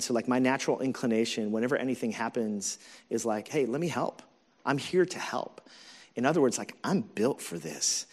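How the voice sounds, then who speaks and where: A pastor in his forties preaches with a mid-pitched voice, telling personal stories in a candid, conversational way. He leans on fillers and talks like he is chatting with the congregation. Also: a little mellow. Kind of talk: sermon.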